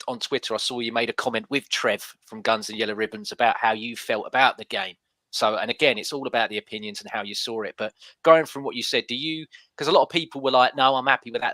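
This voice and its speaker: A man's voice: mid-range voice, pushed and bright, no echo. A man hosting a casual football podcast, chatty and putting questions to his guests. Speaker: podcast host.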